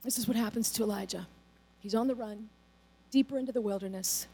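A woman pastor preaching an energetic, emphatic sermon to her congregation. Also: medium pitch, a little fast, creaky, slightly rough.

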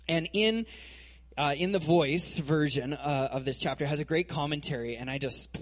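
A man with a slightly high, husky voice preaching in a relaxed, conversational way. He tells the story in an animated style and uses plenty of everyday fillers. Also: brisk. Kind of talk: conversational sermon.

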